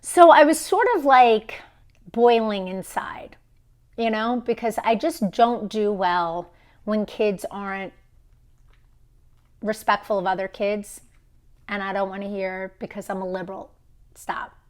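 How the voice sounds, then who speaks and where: A woman's voice: medium pitch, slow pace, long pauses, darkish tone. A woman in her thirties on a phone live stream, telling a story in an emphatic way and acting out the people she quotes. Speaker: vlogger.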